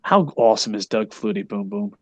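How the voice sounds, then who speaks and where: A man's voice: on the low side, flat delivery, a little fast, a little mellow, no room sound. A middle-aged man hosting a casual wrestling podcast, rambling and swearing with big enthusiasm and asking "you know what I mean?" again and again. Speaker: podcast host. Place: Japan.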